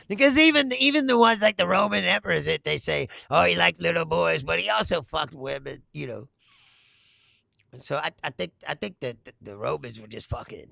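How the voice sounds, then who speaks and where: A man's voice: a little high, creaky, bright, forceful tone, dry recording. A man hosting a casual political comedy chat, reading out viewer comments, swearing a lot and laughing often as he rants.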